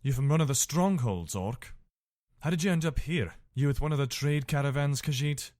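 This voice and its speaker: A man's voice: medium pitch, moderate pace, a little mellow, no echo, studio quality, natural voice. Hadvar, a man voicing a blunt young soldier. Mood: questioning. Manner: blunt, probing questions. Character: young male Imperial soldier, wary and curious. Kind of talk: video game voice lines.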